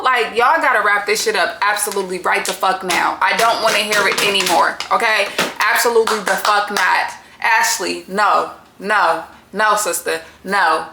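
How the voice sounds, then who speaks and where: A woman's voice: mid-range voice, moderate pace, creaky, pushed and bright, a little hiss or hum. Blunt, cursing woman recapping reality TV. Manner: blunt, exasperated, heavy cursing. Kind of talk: casual profane recap commentary. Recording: echoey room.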